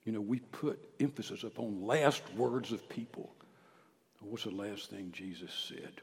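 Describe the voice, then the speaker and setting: Low-voiced male pastor, sermon delivery that swings from emphatic to hushed, reverberant sanctuary sound. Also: unhurried. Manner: emphatic, dropping to hushed near-whispers. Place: church sanctuary. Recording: long hall reverb.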